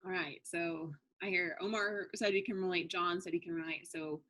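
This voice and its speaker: A woman in her thirties hosts a live online session over a video call. She talks in a relaxed, conversational way. Her voice sits fairly low. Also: moderate pace. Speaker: webinar host. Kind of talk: casual live webinar hosting.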